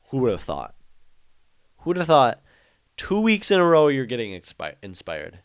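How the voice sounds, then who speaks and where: A young man talks through his solo podcast at an unhurried pace, his voice smooth and clean. He rambles, jokes and slides into half-serious rants as he goes. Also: medium pitch, huge pitch swings. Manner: rambling, joking, ranting. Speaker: podcast host. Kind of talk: casual solo monologue.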